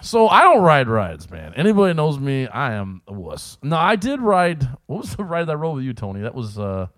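A middle-aged man telling stories in a casual chat, animated and laughing as he goes. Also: mid-range voice, fairly quick, dry recording, clean studio sound.

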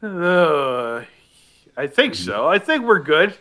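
A man's voice: on the high side, very animated, slow, sharp tone. A man co-hosting a casual podcast, joking and teasing the others. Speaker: podcast co-host.

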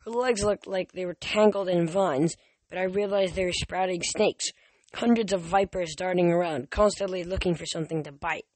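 With a steady tone and normal pace, a high-pitched male reader takes on a novel as an amateur audiobook, often tripping up and beginning words again. No room sound comes through.

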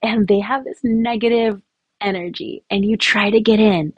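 A woman hosting a casual advice talk for mothers, chatty and animated, acting out little quoted lines. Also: medium pitch, normal speed, no echo, lo-fi sound. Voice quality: gravelly, husky. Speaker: podcast host speaking to mothers.

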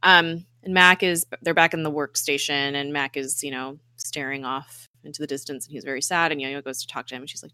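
A woman with a low-pitched but bright, forceful voice chats through a TV recap. She talks animatedly and slips into the characters' lines as she retells scenes. The sound is dry and close. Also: moderate pace, no room sound. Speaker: podcast co-host. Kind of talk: casual chat recapping a TV show.

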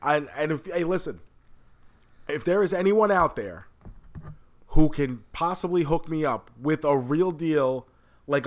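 A man co-hosting a casual pop culture podcast, animated, swearing freely and exaggerating for laughs. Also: a little high. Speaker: podcast co-host.

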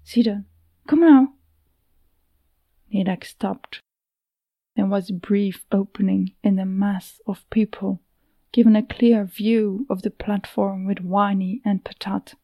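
A woman narrating a fantasy story in a steady, even reading voice. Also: medium pitch, measured pace, no echo, highs cut off. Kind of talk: scripted audiobook narration.

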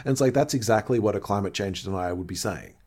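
A man co-hosting a casual rewatch chat, recapping the plot in a relaxed way with brief replies. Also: lowish voice, fast talker, slightly rough. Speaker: podcast co-host.

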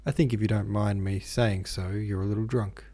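A male reader gives a dry American man who mocks with a straight face. His teasing is calm and grave. The voice sits low and slightly husky. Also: normal speed. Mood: wry.

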